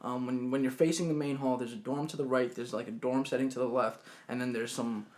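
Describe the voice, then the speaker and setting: A young man telling a college story in a casual chat, animated and swearing freely. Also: mid-range voice, a little fast. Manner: animated, swears freely, acts out quotes loudly. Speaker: podcast co-host.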